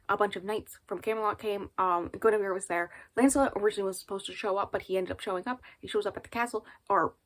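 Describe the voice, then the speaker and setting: A woman in her twenties chatting casually in a book vlog, rambling with many fillers and little laughs, recorded at home into a camera in front of her. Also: mid-range voice. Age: 20s. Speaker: book vlogger. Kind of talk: casual chat.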